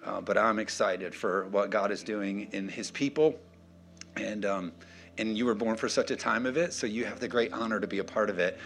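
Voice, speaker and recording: A man preaching in a church, animated, swinging from loud, punchy calls to quiet, joking asides. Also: lowish voice, moderate pace. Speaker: pastor. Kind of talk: sermon.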